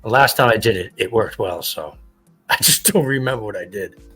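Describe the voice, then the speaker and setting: A man's voice: on the low side, normal speed, fairly bright tone, soft background music. A man hosting a casual livestream, rambling and swearing freely as he acts out what others said. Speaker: livestream host. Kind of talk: casual chat.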